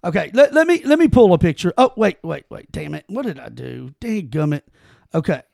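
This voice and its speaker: A man with a high, gravelly voice co-hosts a casual podcast, reading aloud haltingly and breaking off with exclamations. The sound is close and dry, with no room around him. He restarts lines often as he goes. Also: big pitch swings, mellow, dry recording. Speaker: podcast co-host.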